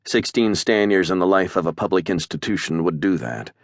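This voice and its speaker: A man narrating an audiobook in the first person, measured and even, on a close studio mic. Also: deep voice, vocal fry, no room sound.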